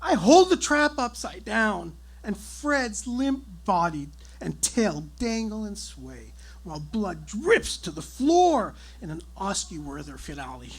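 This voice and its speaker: A man tells a comic story live on stage with theatrical flair. His voice is gravelly and husky, swinging widely in pitch as he builds each moment. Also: big pitch swings, slow, few pauses.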